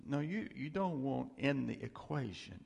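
A man's voice: medium pitch, very animated, a little slow, darkish tone, highs cut off. A man giving an informal, conversational sermon as preacher, rambling and restarting often. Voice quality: gravelly, breathy. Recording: long hall reverb.

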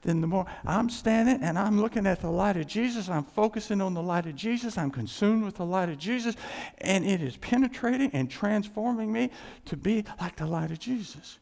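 Male pastor, sermon, lively pitch, conversational asides, long hall reverb. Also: brisk, gravelly. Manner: animated, conversational preaching with asides and laughs.

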